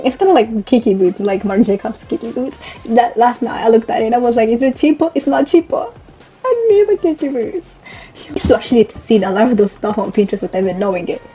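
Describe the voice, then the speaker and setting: A woman's voice: medium pitch, fast talker, mellow, slightly rough. A young woman chatting casually as a fashion vlogger, rambling and correcting herself as she goes. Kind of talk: casual chat. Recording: faint background music.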